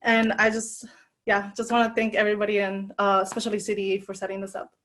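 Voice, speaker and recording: A young woman graduate gives a short thank-you speech over a video call. She sounds hesitant and pauses often. Her delivery stays flat and even throughout. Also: medium pitch. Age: young adult. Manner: hesitant with fillers. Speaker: graduating student.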